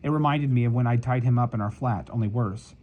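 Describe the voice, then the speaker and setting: A man reading a novel aloud as an audiobook narrator, in measured storytelling. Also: medium pitch, dull audio. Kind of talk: scripted narration.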